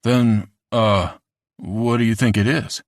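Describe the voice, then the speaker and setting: A man's voice: lowish voice, steady tone, slow, no echo, pitched above the performer's own voice. A pushy man presses his point in a raised, demanding voice. A man reads him in an audiobook. The sound is dry and close. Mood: triumphant. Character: triumphant, pushy adult man.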